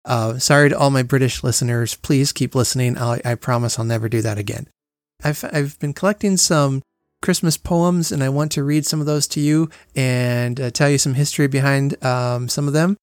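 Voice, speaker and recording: A man's voice: mid-range voice, moderate pace, no room sound, studio quality. Earnest man hosting a home podcast. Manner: earnest, reflective storytelling. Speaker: podcast host. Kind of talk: casual podcast monologue.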